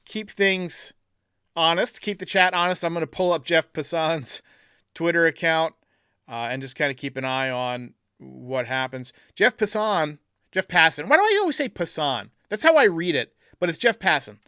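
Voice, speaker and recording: A man hosts a casual live stream, chatting and reading viewer comments aloud as he thinks things through. His voice sits a bit high and sounds smooth and clear. The sound is close and dry, with no room around it. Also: expressive, normal speed, bright, forceful tone, dry recording. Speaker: podcast host reading live chat.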